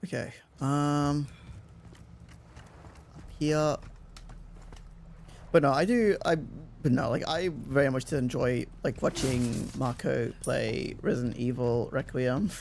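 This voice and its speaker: A man's voice: mid-range voice, takes it slowly, vocal fry, long pauses, a little mellow, slight background noise. A man streaming a game, chatting casually, rambling and self-deprecating, swearing freely and laughing often.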